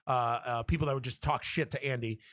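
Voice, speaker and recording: A man co-hosting a podcast, chatting casually and profanely, animated as he retells scenes and throws in quick impressions. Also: mid-range voice, no room sound, studio quality. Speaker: podcast co-host.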